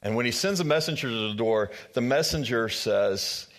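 A man's voice: on the low side, moderate pace. A man delivering a sermon in plain, everyday speech. He retells the story with modern asides and openly wonders about details he doesn't know. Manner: thinking aloud, frank about not knowing. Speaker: preacher.

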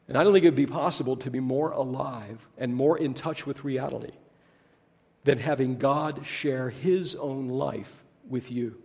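Man, pastor, sermon, gravelly voice, emphatic slow stresses, long hall reverb. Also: mid-range voice, darkish tone.

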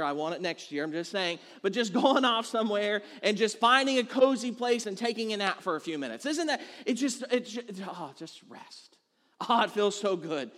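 A man's voice: very high voice, a bit bright. A man preaching a sermon as pastor, earnest and conversational, building points through repetition. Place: church sanctuary. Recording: long hall reverb.

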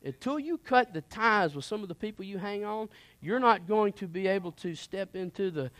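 A man preaches his own testimony with a slightly high voice. He is earnest and impassioned, sliding from hushed confession to emphatic urgency. The sound is dry and close, with no room echo. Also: expressive, normal speed. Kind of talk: personal testimony sermon.

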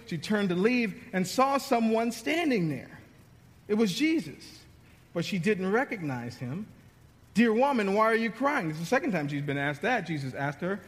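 A male pastor delivering a sermon in a conversational, dramatic way, often dropping to a hushed tone. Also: sits high, big-room sound. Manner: conversational, dramatic preaching with sudden drops to hushed tones.

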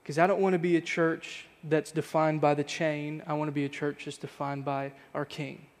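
Earnest pastor preaching in a reverberant church. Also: male voice, on the high side, little pitch movement, moderate pace. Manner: earnest, reflective, repeating rhetorical questions. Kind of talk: sermon. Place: church sanctuary.

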